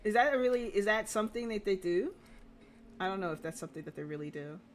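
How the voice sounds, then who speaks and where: A woman's voice: medium pitch, steady tone, fast, a little hiss or hum. A woman streaming a game live, reading lines aloud and chatting in an amused, questioning way.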